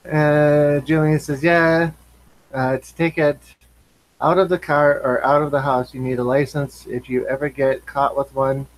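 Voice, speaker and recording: A man's voice: fairly high pitch, level tone, unhurried, poor audio. Laid-back man on a live video chat. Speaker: live stream participant reading chat. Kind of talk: casual group chat.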